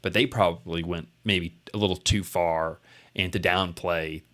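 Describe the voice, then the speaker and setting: A man's voice: sits low, fairly even intonation, moderate pace, fairly bright tone. A man co-hosting a casual discussion, rambling and restarting his sentences often. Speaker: podcast co-host.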